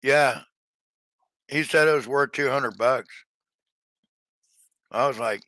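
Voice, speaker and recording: A man's voice: medium pitch, takes it slowly, pauses often, pushed and bright, no room sound. A man chatting casually to his livestream audience, rambling with many fillers and restarts. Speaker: livestream seller.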